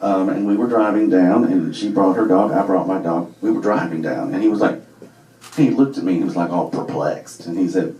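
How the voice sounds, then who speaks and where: A man's voice: low-pitched, normal speed, warm tone. A man from Alabama, telling a comic story to a live audience in a wry, conversational way full of fillers. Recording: echoey room, voice from far off.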